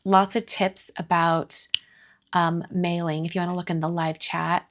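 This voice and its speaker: A woman's voice: lowish voice, little pitch movement, unhurried. A middle-aged woman from the American South hosting a card-making live stream in casual chat, reading viewer comments aloud and answering them.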